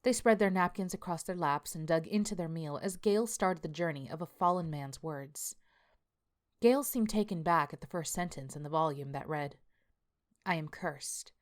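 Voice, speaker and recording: A woman narrating a scripted story in a measured, even way. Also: sits low.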